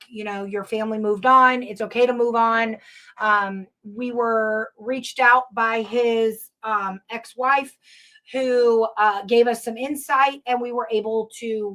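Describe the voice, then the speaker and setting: A woman's voice: fairly high pitch, fairly even intonation, a little slow, pushed and bright. A woman hosting a live paranormal podcast, telling ghost stories in a rambling, casual way with lots of ums and uhs and reading viewer comments aloud. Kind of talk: casual live-show storytelling.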